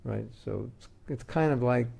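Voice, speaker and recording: A man's voice: medium pitch, moderate pace, creaky, dark tone, breathy edge. A man giving a devotional talk to an audience as a spiritual teacher, in a conversational, joking way with homely examples.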